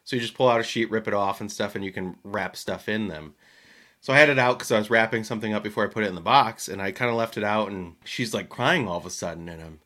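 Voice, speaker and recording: A man co-hosting a podcast, telling a family anecdote in an animated way, laughing easily and acting out quotes. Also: fairly low pitch, fast talker. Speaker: podcast co-host. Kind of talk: casual storytelling chat.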